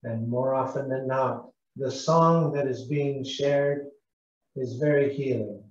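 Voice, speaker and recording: A man from British Columbia, an Indigenous cultural interpreter, telling a gentle, unhurried storytelling lesson to schoolchildren and asking them questions. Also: medium pitch, a little hiss or hum. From British Columbia, Canada. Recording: echoey, distant, dull live broadcast sound.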